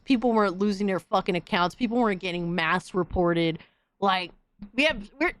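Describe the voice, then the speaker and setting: A woman's voice: medium pitch, dry recording. A woman hosting a podcast, delivering a heated, profane, slang-filled rant in casual commentary. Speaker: podcast host.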